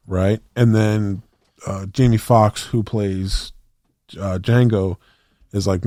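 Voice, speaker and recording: A man's voice: on the low side, steady tone, takes it slowly, pauses often, warm tone, no room sound, clean studio sound. A man co-hosting a podcast in casual chat, rambling through movie scenes and acting out the lines with plenty of swearing. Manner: rambling storyteller, acts out movie quotes, swears. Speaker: podcast co-host.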